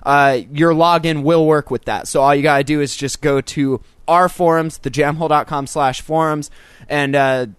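A man's voice: fairly high pitch, steady tone, moderate pace, clean tone, no echo. A man co-hosting a casual podcast, joking and rambling with crude humor. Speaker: podcast co-host. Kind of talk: casual chat.

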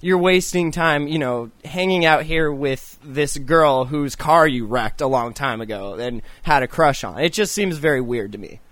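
A man's voice: on the high side, normal speed, few pauses, fairly bright tone, no echo. A young man co-hosting a podcast, talking casually in a blunt, profane, rambling way full of "like". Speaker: podcast co-host. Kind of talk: casual chat.

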